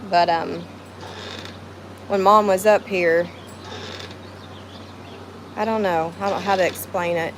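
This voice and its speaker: A woman's voice: lowish voice, steady tone, takes it slowly, pauses often, background noise. A middle-aged woman with a Southern US accent, hosting a casual livestream chat outdoors at home, rambling and emotional as she greets viewers by name. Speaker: livestream host.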